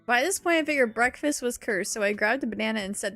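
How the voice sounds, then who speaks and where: A woman's voice: on the high side, expressive, moderate pace, few pauses, dry recording. A woman live-streaming a game, chatting casually in a giggly, playful, self-mocking way.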